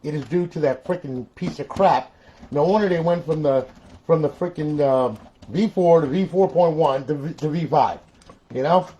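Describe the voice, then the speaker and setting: A man's voice: fairly high pitch, normal speed, dark tone. A man live-streaming a console repair, ranting in frustration, repeating himself and talking straight to his viewers.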